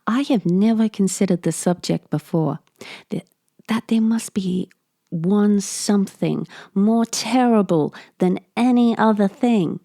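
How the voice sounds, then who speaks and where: A woman's voice: mid-range voice, a little slow, dark tone, no echo, clean studio sound, voice pushed up, lightly acted. A woman reading a horror story aloud, voicing a nervous young man who speaks in a raised, earnest tone. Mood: uneasy.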